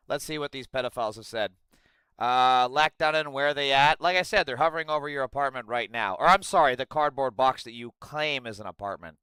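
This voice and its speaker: A man hosting a livestream, ranting profanely and sarcastically and breaking into yelling outbursts. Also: medium pitch, fairly quick, smooth, dry recording. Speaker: livestream host.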